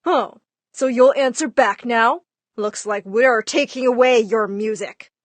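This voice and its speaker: A woman's voice: fairly high pitch, a little slow, dry recording, lightly acted. A woman voicing a stern father who scolds his daughter in a storytime narration. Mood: scornful. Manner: yelling, scolding.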